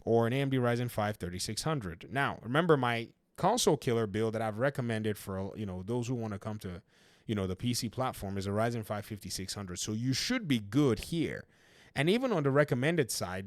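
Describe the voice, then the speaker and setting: Casting: male gaming commentator, mid-pitched, dry close sound, chatty and laughing easily. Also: a little fast, no echo. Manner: chatty, laughs often, addresses viewers as guys and man. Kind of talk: casual video commentary.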